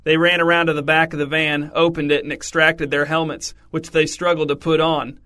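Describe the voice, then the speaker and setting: A man narrating a comic story in a wry, deadpan way. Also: a little high, fairly quick. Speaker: audiobook narrator.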